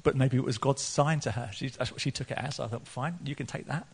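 A man preaching a sermon, earnest, laughing often, and rising to excited peaks. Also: medium pitch, fast talker, gravelly, breathy edge. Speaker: pastor.

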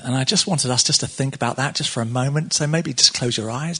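A man's voice: medium pitch, a little fast, hardly any pauses, pushed and bright, husky. A man preaching a casual sermon, chatty and conversational, laughing often and acting out the quotes.

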